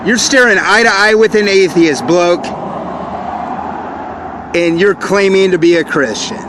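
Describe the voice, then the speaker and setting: A man in his forties ranting angrily to camera, repeating accusations and working himself up into shouted outbursts. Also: high-pitched, a little slow, background noise. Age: 40s. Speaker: vlogger. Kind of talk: angry rant to camera.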